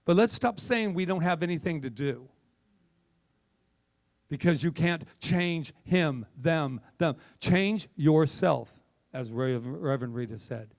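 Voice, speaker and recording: A male minister delivers an impassioned, conversational sermon, his voice gravelly and a little high. He swings between hushed reflection and fired-up exhortation. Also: expressive, a little slow.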